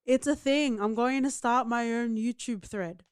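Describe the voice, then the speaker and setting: A woman co-hosting a podcast, her voice smooth and resonant and sitting a little high for a woman. She bounces through casual chat with playful, teasing banter. The sound is close and dry. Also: unhurried, no echo. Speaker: podcast co-host.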